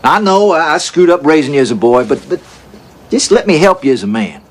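A man's voice: a little high, lively intonation, a little fast. A scruffy, rambling deadbeat dad in his fifties. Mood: pleading. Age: 50s. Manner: rambling drawl with hesitant uh fillers, gruff bravado. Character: scruffy stoner deadbeat dad, brash and wheedling. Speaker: estranged father.

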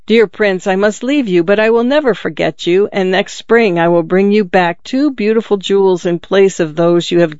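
A man's voice: sits high, a little mellow, clean tone, dry recording. A man voicing a kind-hearted, homesick little male swallow who speaks wistfully and earnestly in a storybook reading. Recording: dull lo-fi, dry.

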